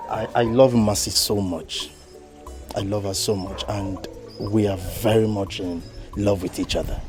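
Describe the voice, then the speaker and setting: An actor with a Nigerian accent playing an earnest, grateful young suitor who stammers slightly. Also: male voice, fairly low pitch, fairly even intonation, a little slow, darkish tone, soft background music, close to an everyday voice. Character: earnest young man asking to marry.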